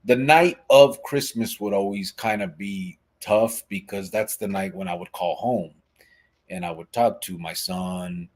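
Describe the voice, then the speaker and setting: A man's voice: fairly low pitch, a little slow. A man hosting a live podcast, talking in a laid-back, rambling way with lots of fillers. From Arizona, US. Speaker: podcast host. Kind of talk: casual live podcast chat.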